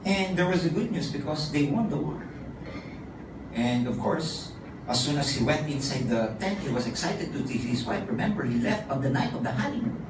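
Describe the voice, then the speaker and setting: Male speaker, rousing sales pitch, highish voice, booming echoey hall heard from far off. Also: expressive, normal speed, background noise. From Philippines. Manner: rousing, repetitive, calls out to the audience. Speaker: business presenter. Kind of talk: motivational sales presentation.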